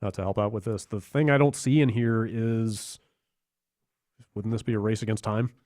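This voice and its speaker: A man in his podcast seat, speaking in a low voice with a meandering, hesitant delivery. His talk is full of "uh" and restarts. The sound is dry and close. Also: steady tone, moderate pace, darkish tone, dry recording. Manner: rambling, hesitant with many fillers. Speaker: podcast co-host. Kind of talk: casual chat.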